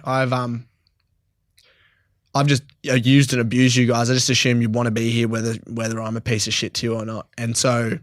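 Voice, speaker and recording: A man's voice: mid-range voice, flat delivery, moderate pace, no room sound, studio quality. A young Australian man in his twenties, a podcast guest, telling a story bluntly and emotionally, swearing freely and laughing often. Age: 20s. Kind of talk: candid podcast interview.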